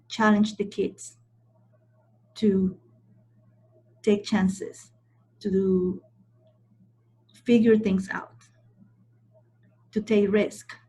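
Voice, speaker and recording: A woman's voice: medium pitch, mellow, breathy edge. A woman trainer giving a training lecture, stressing her points and checking in with the audience as she goes. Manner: emphatic, repeats points and checks in with "okay?".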